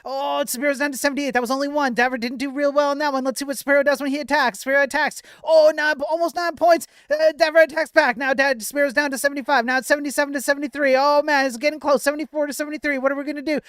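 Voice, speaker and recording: A man putting on an excited sports commentator voice, calling a fight blow by blow in rapid shouted play-by-play. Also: very high voice, dry recording, studio quality, pitched above the performer's own voice.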